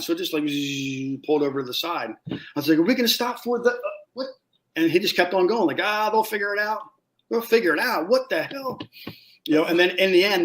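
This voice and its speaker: A man telling war stories in a casual interview, animated, acting out what people said and swearing freely. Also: on the high side. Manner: animated storyteller, acts out quotes loudly, swears. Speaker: guest, former Marine scout sniper.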